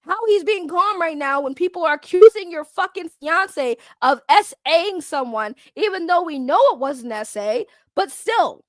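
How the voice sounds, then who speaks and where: A woman's voice: very high voice, animated, normal speed, hardly any pauses, no room sound, clean studio sound. A woman hosting a commentary show, fired up and swearing a lot as she rants. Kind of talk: heated casual commentary.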